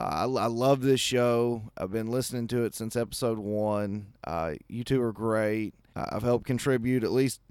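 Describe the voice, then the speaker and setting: A man leaves an earnest voice message, rambling and full of fillers. His voice is smooth and clear. The recording sounds dry and close. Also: mid-range voice, a little mellow, dry recording. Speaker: caller, longtime listener.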